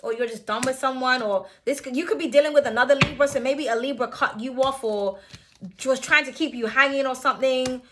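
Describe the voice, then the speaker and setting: A woman's voice: high-pitched, fairly even intonation, brisk, noisy background. A young woman giving a casual tarot reading, chatty and blunt, swearing and laughing freely as she talks. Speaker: tarot reader.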